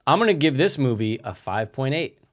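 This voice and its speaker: A man's voice: mid-range voice, sing-song, brisk. A blunt young man trades opinions on a film in a casual podcast chat. His delivery is dry and matter-of-fact, with plenty of swearing along the way. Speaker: podcast co-host reviewing a film.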